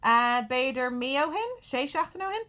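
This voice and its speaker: Bright, bubbly Irish woman co-host. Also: sits high, lively intonation. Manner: bubbly, quick agreeing, joking. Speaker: podcast co-host. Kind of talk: casual bilingual chat.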